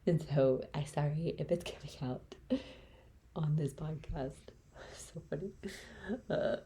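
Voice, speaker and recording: A woman's voice: deep voice, fairly even intonation, slow pace, warm tone, slight background noise. A woman hosting a solo podcast, talking candidly and bluntly, swearing freely and dropping into whispers mid-rant. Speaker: podcast host.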